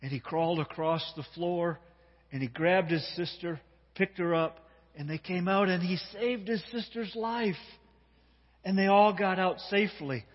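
A man preaching as pastor, telling a story and talking directly to a child and the congregation with animated delivery. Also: high voice, a little slow. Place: church sanctuary. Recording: dull sound with long hall reverb.

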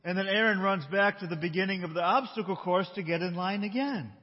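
A man pastor delivers a sermon in an easy, storytelling way, slowing down to stress his points. His voice is somewhat high and husky. It carries a long hall reverb with a dull, muffled tone. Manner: conversational, slows for emphasis.

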